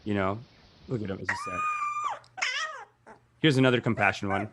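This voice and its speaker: A man's voice: lowish voice, lively intonation, moderate pace, heavy background noise. A man teaching a meditation session in a loose, rambling, jokey way, often restarting his sentences. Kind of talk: casual teaching talk.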